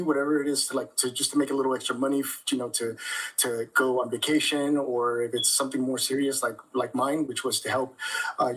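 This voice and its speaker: Husky, chuckling man guest. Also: medium pitch, fairly bright tone, rough recording. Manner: chuckling, stumbles and repeats words. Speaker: guest creator. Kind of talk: livestream interview.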